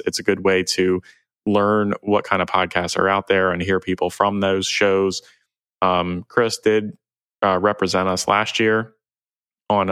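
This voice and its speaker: Male podcast host, very low voice, casual, reads listener mail. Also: clean tone, no echo. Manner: reads listener feedback and shout-outs. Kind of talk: casual chat. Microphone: remote call recording.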